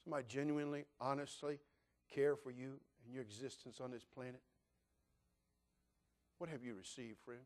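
An older man preaching a sermon in a church in an animated, joking, conversational way. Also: medium pitch, normal speed, pauses often. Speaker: pastor.

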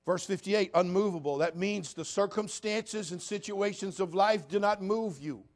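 A male pastor with a high voice delivers a storytelling sermon. He preaches in a folksy, animated way with plenty of humor, talking directly to the people in front of him. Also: moderate pace.

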